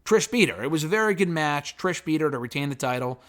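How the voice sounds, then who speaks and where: A man with a slightly high voice recaps a wrestling storyline in a loose, chatty review. His pitch swings widely and stays animated as he goes. He drops in casual swearing and brushes past details with offhand filler. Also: fast.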